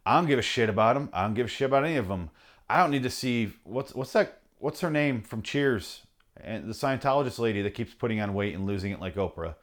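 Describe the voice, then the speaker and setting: Man, podcast host, angry comic rant, sarcastic, heavy swearing, mid-pitched voice. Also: expressive, fast talker. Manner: mocking put-on voices in quotes. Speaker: podcast host reading his rants.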